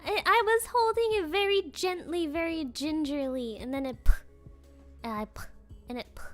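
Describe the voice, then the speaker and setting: A woman's voice: high-pitched, moderate pace, soft background music. A young woman streamer chatting casually with her viewers, telling rambling stories full of fillers and giggles. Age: young adult.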